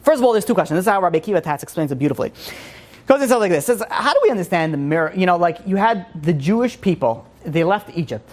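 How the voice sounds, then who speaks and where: A man giving an informal religious class, rambling with many restarts and animated asides. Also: high-pitched, fast talker. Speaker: Torah teacher.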